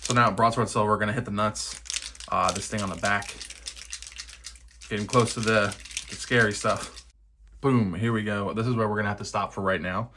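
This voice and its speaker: A man's voice: lowish voice, fairly even intonation, moderate pace, long pauses, noisy background. A young man chatting casually while he paints a miniature at his desk, thinking aloud and poking fun at himself. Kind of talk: casual narration over a painting session.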